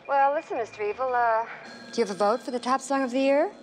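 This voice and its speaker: A woman's voice: high voice, fast talker, lightly acted, poor audio. Woman playing a sassy TV show host. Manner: brassy, sassy, upbeat. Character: brassy female radio-TV show host. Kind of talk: film acting. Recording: film soundtrack with music behind.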